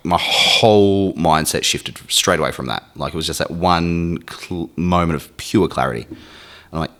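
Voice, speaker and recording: A man's voice: low-pitched, expressive, fairly quick, sharp tone. A man speaking candidly as a podcast guest, emotional and swearing freely, acting out his inner voice. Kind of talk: candid conversation.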